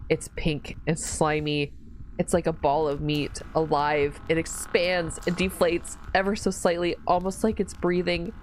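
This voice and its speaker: A woman streamer reading a horror visual novel aloud, slow narration broken by squealing, disgusted reactions. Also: deep voice, level tone, low-quality recording. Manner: reads narration slowly, then breaks into squealing disgusted reactions and laughs. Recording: faint music behind the voice.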